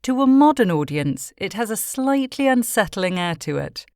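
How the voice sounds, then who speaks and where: A woman narrating a scripted documentary in a measured, informative way. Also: mid-range voice, big pitch swings, music in the background. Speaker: podcast narrator.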